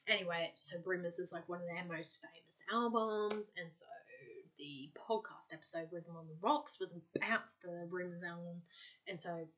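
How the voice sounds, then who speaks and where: A woman's voice: on the low side, normal speed, fairly bright tone. A woman hosting a podcast, chatting casually and bubbly, with lots of filler words. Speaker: podcast host.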